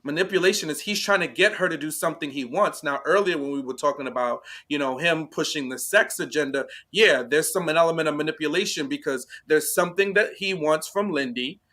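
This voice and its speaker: A man's voice: on the high side, fairly quick, few pauses, sharp tone. A man co-hosting a podcast, reacting to a reality show in casual discussion, who keeps checking in with "right?" and "you know?". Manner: talks it through, tags points with "right?" and "you know?". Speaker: podcast co-host.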